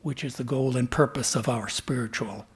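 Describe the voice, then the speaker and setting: Husky-voiced swami telling a teaching story. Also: male voice, medium pitch, normal speed. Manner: storytelling, animated, dropping to hushed tones. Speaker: swami giving a spiritual talk. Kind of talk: sermon with storytelling. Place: temple.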